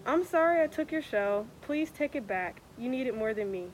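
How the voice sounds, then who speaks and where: A woman's voice: on the high side, lively intonation, moderate pace, a crowd in the background, lightly acted, poor audio. A young woman voicing a little girl who collects shells, read from a children's picture book. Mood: apologetic. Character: young girl, shell collector, first selfish then kind.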